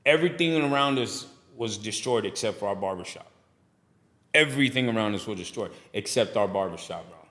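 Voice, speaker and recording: A man, animated, telling his story in a casual interview and acting out other voices. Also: fairly low pitch, fairly quick. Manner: animated, preachy storyteller who acts out dialogue. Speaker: barbershop owner and guest.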